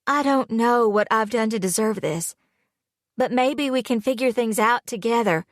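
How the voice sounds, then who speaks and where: A woman's voice: a little high, normal speed, dry recording, studio quality, pitched above the performer's own voice, natural voice. A woman voicing a hurt young fiancée, pleading in a shaky, emotional voice in an audiobook. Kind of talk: audiobook character voice.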